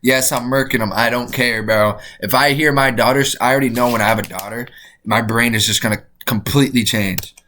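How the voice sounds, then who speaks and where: A man's voice: mid-range voice, fairly even intonation, brisk, sharp tone, a little hiss or hum. A man streaming a reaction video, ranting bluntly in a casual, profane way. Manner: blunt, swearing, repeats "bro".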